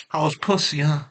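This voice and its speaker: A man speaking off the cuff in a self-growth monologue, his voice bright and edged. He leans on rhetorical questions and casual swearing, sitting somewhat above the usual male pitch. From Haitian background.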